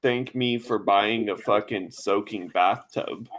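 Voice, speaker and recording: A man's voice: on the low side, takes it slowly, fairly bright tone, low-quality recording. Laid-back, foul-mouthed man telling stories. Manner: laid-back, profane storytelling, laughs often. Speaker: podcast co-host. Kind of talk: casual chat.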